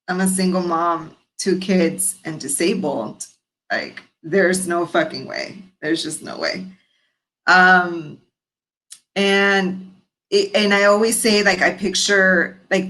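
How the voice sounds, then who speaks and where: A woman's voice: on the low side, a bit bright, poor audio. A woman guest in her thirties on a podcast, telling her story frankly and expressively, acting out the voices of people she quotes. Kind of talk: candid storytelling interview.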